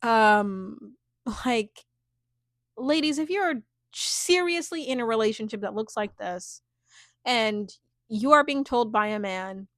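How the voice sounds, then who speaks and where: A woman's voice: on the high side, animated, slow, a bit bright, no echo, studio quality. A young woman vlogging a casual recap of a reality show, chatty and full of filler words. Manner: chatty, heavy filler words, frequent laughs. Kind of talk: casual reaction chat.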